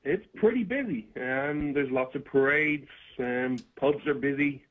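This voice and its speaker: A man's voice: mid-range voice, unhurried. Irish man on a tinny call line. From Ireland. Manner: hesitant, many uh and um. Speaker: caller. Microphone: internet call.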